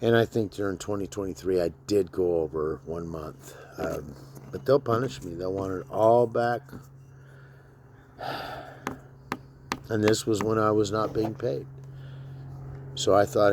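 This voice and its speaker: A man's voice: lowish voice, unhurried, pauses often, darkish tone, slight background noise. A man and military veteran talking bluntly to camera in a rambling, profane monologue full of fillers.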